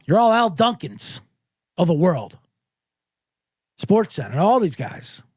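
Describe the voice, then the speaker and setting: Middle-aged male host, high lively ranting voice, sarcastic comic monologue, dry close sound. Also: takes it slowly, slightly rough, no echo. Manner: sarcastic, animated, swears freely. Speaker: podcast host. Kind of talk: ranting comedic podcast monologue.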